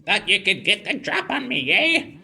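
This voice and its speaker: A man doing a shrill witchy old grandma. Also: huge pitch swings, normal speed, gravelly, bright, forceful tone, slightly rough, heavily acted. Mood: taunting. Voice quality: shrill, strained falsetto. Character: feisty cane-swinging old grandma, witchy.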